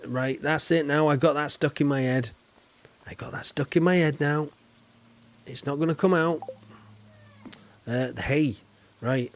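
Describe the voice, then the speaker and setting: While streaming a game, a man rambles casually and chattily, using lots of fillers. His mid-range voice moves at a moderate pace with long pauses.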